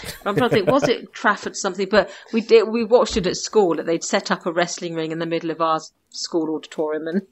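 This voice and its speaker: A woman's voice: on the low side, steady tone, fast, few pauses. A chatty woman, co-hosting a casual show and searching her memory aloud. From England. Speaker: co-host. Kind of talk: casual chat.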